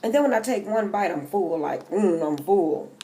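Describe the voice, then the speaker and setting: A woman's voice: mid-range voice, animated, normal speed, warm tone. A middle-aged woman doing a tarot-reading vlog from home, joking and chatty, talking loosely and with profanity. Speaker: tarot reader. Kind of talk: casual vlog chat.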